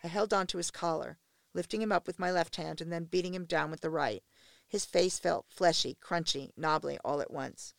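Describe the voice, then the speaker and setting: A woman narrating a first-person erotic story in an intimate, steady reading voice. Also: lowish voice, normal speed, gravelly, no echo. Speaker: audiobook narrator.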